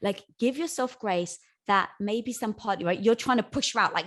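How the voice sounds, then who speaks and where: A woman guest gives advice in an upbeat, affirming way. She speaks at a medium pitch and keeps the tone encouraging. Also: moderate pace. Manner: affirming, upbeat, warm address. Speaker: podcast guest.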